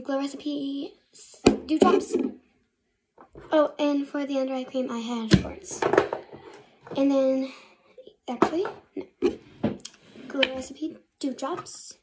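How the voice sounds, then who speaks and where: In a very noisy clip, a young woman with a high voice rambles through her bedtime skincare routine for a casual get-ready-with-me vlog, often half-whispering to herself.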